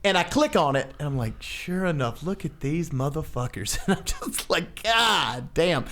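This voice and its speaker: Male podcast co-host, high voice, excitable storyteller, casual and profane. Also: moderate pace. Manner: animated storytelling, swearing, laughing often. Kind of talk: casual chat.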